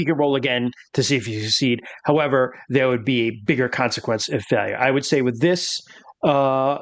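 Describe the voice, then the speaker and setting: A game master running a tabletop horror game, explaining rules with many fillers. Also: medium pitch.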